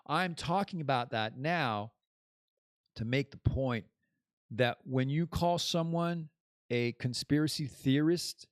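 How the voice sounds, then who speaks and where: A man's voice: medium pitch, takes it slowly, dry recording. Man, podcast host, casual solo monologue, rambling, digressive, dry close sound. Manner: rambling and digressive, laughs at his own jokes.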